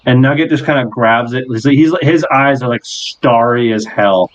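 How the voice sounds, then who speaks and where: A man serving as game master, narrating a tabletop game in an animated, rambling way. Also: mid-range voice, moderate pace, muffled recording.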